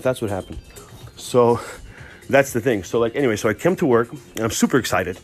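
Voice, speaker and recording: Man, podcast host, rapid-fire, swears a lot, rambling comic monologue, music faintly underneath. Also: medium pitch. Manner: profane, rambling, excitable. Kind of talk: casual comic storytelling monologue.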